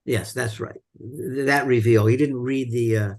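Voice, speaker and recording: A man's voice: mid-range voice, steady tone, a little slow. A man hosting a film discussion, retelling scenes casually with many fillers and restarts.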